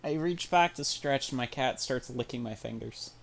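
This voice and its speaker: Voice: mid-range voice, moderate pace, vocal fry, a little hiss or hum. A streamer from Pennsylvania giving blunt, earnest reaction commentary on a live stream.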